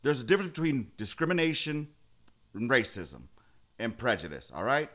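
A man's voice: mid-range voice, very animated, moderate pace, a bit bright. A young man co-hosting a casual podcast chat over a video call, talking in a blunt, emphatic and profane way. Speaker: podcast co-host.

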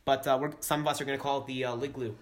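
A man's voice: mid-range voice, steady tone, very fast. A man chatting casually as a regular guest, rambling and hesitant. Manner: hesitant, rambling, lots of fillers. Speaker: regular guest on a camp feature. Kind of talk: casual chat.

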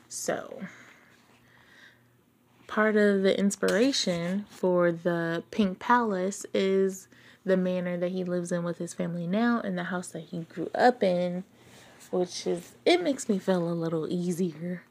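A woman with a slightly low voice reads a book aloud at an unhurried pace. She stops often to comment on what she has read in a casual, chatty way, laughing now and then. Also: darkish tone. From outside England. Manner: breaks off reading to chat and reflect, laughing often. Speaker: podcast host reading a book aloud.

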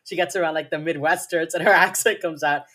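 This podcast co-host has a deep, slightly bright voice and speaks fast with fairly even intonation. Recapping a TV episode in casual chat, she's playful, curses freely, and fills her talk with "like."

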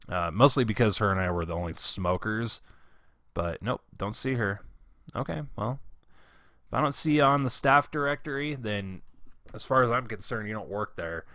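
A man's voice: on the low side, pushed and bright, dry recording, studio quality. Heated, foul-mouthed man ranting. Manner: profane, rambling, heated. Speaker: former school janitor telling work stories. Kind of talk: casual storytelling monologue.

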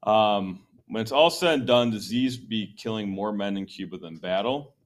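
A man hosting a history podcast, explaining events in a relaxed, conversational way with many ums and likes. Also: on the low side, normal speed. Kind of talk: casual history talk.

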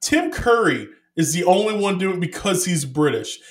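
A man co-hosting a casual movie chat, rambling and full of "like", quick to laugh. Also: high voice, sing-song, a little hiss or hum.

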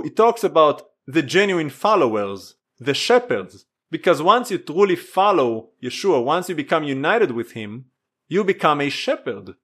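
A man preaching an earnest sermon, pressing his listeners with repeated pleas. His voice sits a little high and swings widely in pitch. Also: a bit bright. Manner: earnest, exhorting, repetitive pleading.

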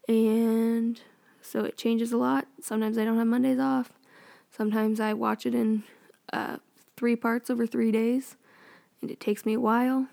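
A woman's voice: fairly high pitch, vocal fry, darkish tone. A young woman chatting casually and sarcastically as a vlogger recapping a TV show, full of opinions. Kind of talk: casual chat.

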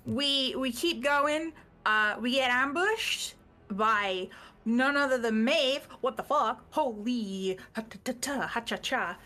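Bright, chatty woman recapping a game. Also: a little high, animated, slow, faint music behind. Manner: chatty, swears freely, laughs often. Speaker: tabletop game player recapping the last session. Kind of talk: casual live-stream chat.

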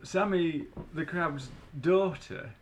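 A man's voice: on the high side, slow pace, lo-fi sound, a little hiss or hum. A man, chatting casually as a podcast co-host, agreeable and fond of tag questions. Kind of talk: casual chat.

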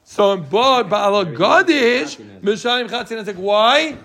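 High-voiced man teaching a Talmud class. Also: vocal fry. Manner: quizzes the students with quick rhetorical questions; lively and joking with the class. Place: classroom with students.

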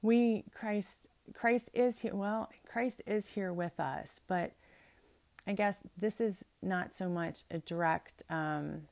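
A woman's voice: mid-range voice, takes it slowly, gravelly, a little mellow. A woman pastor reading prayers aloud, then preaching in an earnest, conversational way with asides.

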